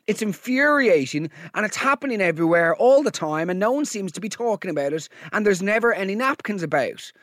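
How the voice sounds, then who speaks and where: A man's voice: high voice, animated, a little fast, hardly any pauses, fairly bright tone, no echo, clean studio sound. A man hosting a comedy podcast, telling exasperated, sarcastic stories. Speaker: podcast host. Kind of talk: comedic rant monologue.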